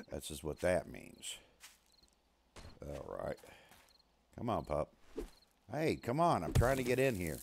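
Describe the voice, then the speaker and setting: An American man chatting casually while playing a survival game, talking to his dog and teammates and breaking into loud yelling. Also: on the low side, noisy background. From USA. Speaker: gamer streaming a survival game. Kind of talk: casual gameplay chat.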